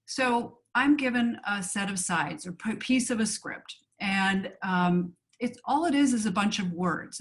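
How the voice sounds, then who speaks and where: Woman coach, webinar co-host; conversational, acts out sample lines. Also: mid-range voice. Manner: explains with acted example lines, many fillers.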